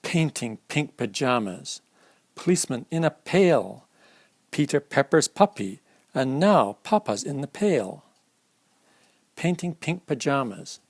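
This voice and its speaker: A man's voice: mid-range voice, big pitch swings, slow pace, darkish tone, no room sound. A man reading a children's alphabet picture book aloud at storytime, stopping to explain the pictures to young listeners. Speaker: storytime reader.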